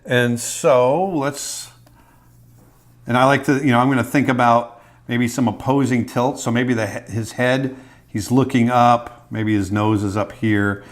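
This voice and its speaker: A man's voice: medium pitch, steady tone, unhurried. A middle-aged man, an animator, casually talking through his drawing as he sketches, thinking aloud. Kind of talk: drawing tutorial narration.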